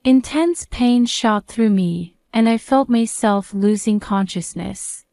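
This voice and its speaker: Female storyteller, first-person narration; calm, measured, very slow delivery, dry close sound. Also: fairly high pitch, no room sound.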